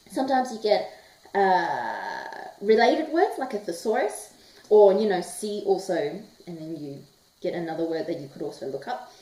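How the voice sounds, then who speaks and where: A woman, an English tutor explaining things in a relaxed, chatty way with frequent "um" fillers. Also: medium pitch. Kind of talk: casual explanatory lesson. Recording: roomy echo, mic at a distance.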